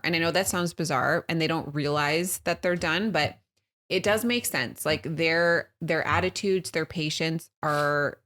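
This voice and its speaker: A woman in her thirties co-hosting a podcast, telling a family story with lively acted-out quotes. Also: sits low. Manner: animated storytelling, acts out her kids' and her own quotes. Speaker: podcast co-host. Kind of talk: casual chat.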